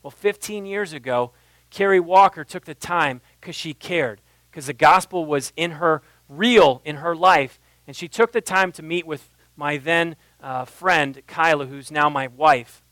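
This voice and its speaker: A man in his thirties delivers a passionate sermon in a slightly high voice. He drops to near-murmured asides, then climbs into loud, fervent preaching. The sound is dry and close, with almost no room echo. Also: measured pace. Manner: swings from quiet, intimate asides to loud, impassioned preaching. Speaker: pastor.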